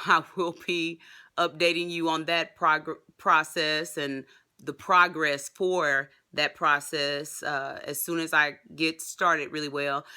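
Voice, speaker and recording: A woman giving a casual, excited vlog update, chatting to her viewers and calling them y'all. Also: sits low. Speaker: vlogger.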